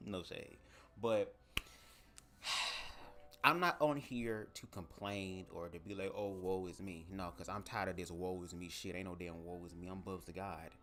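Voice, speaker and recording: Animated, profane man talking to camera. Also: deep voice, measured pace, pauses often. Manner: animated, profane, talks straight to viewers. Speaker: livestream host. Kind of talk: casual livestream monologue. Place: home setup, speaking to camera. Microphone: desk microphone.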